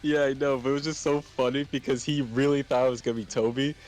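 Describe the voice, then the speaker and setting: A young man hosting a casual chat, telling stories with animated acted-out shouts and quotes. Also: medium pitch, fast talker. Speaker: host.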